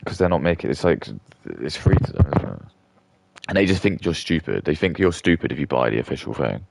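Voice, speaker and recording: Very deep, gravelly-voiced man streaming a game. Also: lively intonation, a little fast, a little mellow. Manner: rambling, crude, opinionated. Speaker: gaming streamer. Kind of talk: casual commentary while gaming.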